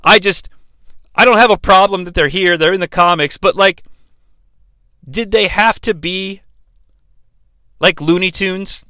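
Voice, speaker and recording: Male film reviewer, bright voice, profane, rambling asides, dry close recording. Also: high voice, unhurried, pauses often, no room sound. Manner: animated, profane, rambling with restarts. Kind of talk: casual spoken movie review.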